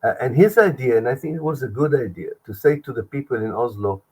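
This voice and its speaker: An older man, a historian giving an earnest interview answer over a video call, halting with many restarts. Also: mid-range voice, animated, mellow, breathy edge, low-quality recording. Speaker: historian guest.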